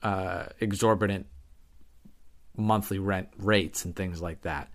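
A man's voice: sits low, fairly even intonation, slow. A young man co-hosting a podcast in casual chat, explaining at length while hedging and correcting himself. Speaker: podcast co-host.

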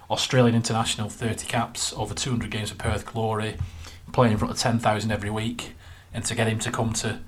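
A man with a fairly low voice co-hosts a relaxed football podcast. He talks things through casually, running down lists of names with plenty of "uh" and "um" between them. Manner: reels off lists of names with fillers. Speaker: podcast co-host.

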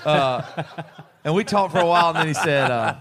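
An American man with a fairly high voice, telling rambling tales at a live pub show. He talks in an animated, laughing way, restarting his sentences as he goes. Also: fast talker. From United States. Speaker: podcast co-host and band singer. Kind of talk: live podcast storytelling to a pub crowd.

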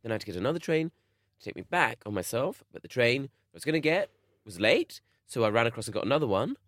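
A man speaks quickly in clean studio audio without echo, co-hosting a laid-back podcast and spinning lively stories marked by big pitch swings.

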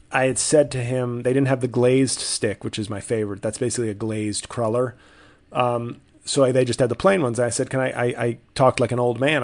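A man hosting a comedy podcast, telling a rambling, profane story with mock outrage and frequent restarts. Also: mid-range voice. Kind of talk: rambling comic monologue.

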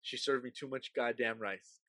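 A man's voice: medium pitch, steady tone, moderate pace, bright, forceful tone. A man telling a story in a casual, profane chat, acting out his parents and his younger self with animation.

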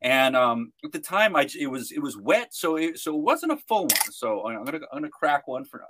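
A man's voice: a little high, very animated, brisk, pushed and bright. A man telling a long story on a podcast, rambling with many restarts and fillers. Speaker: guest, protester.

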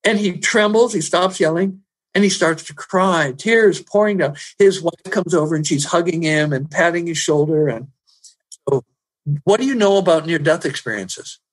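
A man who works as a personal growth trainer, telling stories in an interview, animated and rising loud at the dramatic moments. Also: on the high side, moderate pace. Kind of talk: storytelling in an interview.

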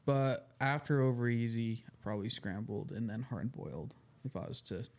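A man's voice: mid-range voice, moderate pace, vocal fry, darkish tone. A man in casual podcast chat, earnest, explaining things step by step.

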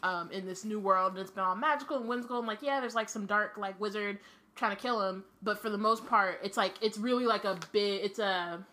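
Woman co-host, bright tone, chatty rambling book-talk delivery. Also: mid-range voice, a little fast, slight background noise. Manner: rambling, lots of fillers and restarts, swears casually. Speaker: podcast co-host. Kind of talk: casual book discussion.

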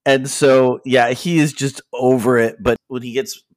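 Man at a tabletop game describing his character, animated, average pitch, dry close sound. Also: a little slow, no echo. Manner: animated, laughing storyteller. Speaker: player.

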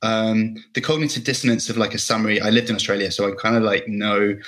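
A man in a casual podcast chat, laid-back and halting, filling gaps with ums and likes. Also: on the low side, fairly even intonation, fairly bright tone.

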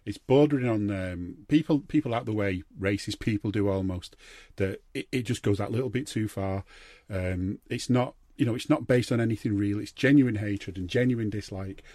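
A man's voice: mid-range voice, warm tone, dry recording, studio quality. A man, a podcast co-host talking heatedly in a rambling way, full of fillers and restarts. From Liverpool. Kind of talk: casual football podcast chat.

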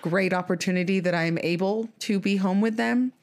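A young adult woman co-hosting a book podcast in casual chat, chatty and quick to laugh. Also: medium pitch. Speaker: podcast co-host.

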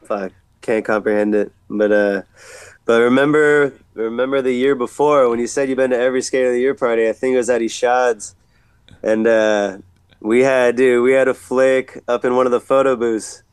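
Laid-back slangy skater dude. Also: male voice, mid-range voice, fairly even intonation, moderate pace, smooth, no room sound. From San Diego. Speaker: podcast guest, pro skateboarder. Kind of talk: casual storytelling chat.

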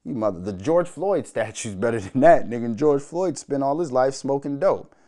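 A man's voice: mid-range voice, expressive, normal speed. A man from Minnesota hosting a podcast, ranting angrily with constant swearing and mocking asides. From Minnesota, USA. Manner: loud, angry, swearing, mocking quoted voices. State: angry. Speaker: podcast host. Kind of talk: profane solo podcast rant.

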